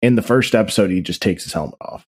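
A man joins a relaxed gaming podcast and lays out his opinions in a measured, explaining way. His voice sits on the low side of average for a man. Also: slightly rough. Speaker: podcast guest. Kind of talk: casual gaming podcast chat.

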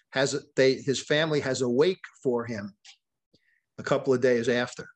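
A man's voice: medium pitch, steady tone, moderate pace. A man, a podcast guest and author, telling a long story in a conversational way, often restarting and repeating words and quoting what people said. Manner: retells events with quoted dialogue.

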